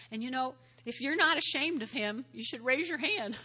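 A woman pastor giving a sermon and altar call, earnest, often repeating her words and turning soft and prayerful. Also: fairly high pitch, brisk, hardly any pauses.

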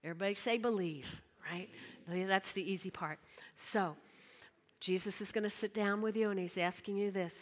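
Casting: female preacher, mid-pitched, chatty sermon that calls the room to respond, long hall reverb. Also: steady tone, normal speed. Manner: conversational, calls on the audience to respond.

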